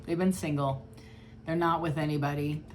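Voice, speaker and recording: A woman's voice: deep voice, fairly even intonation, moderate pace, a little hiss or hum. A woman giving a chatty, blunt tarot reading in a casual style, swearing freely. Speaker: tarot reader.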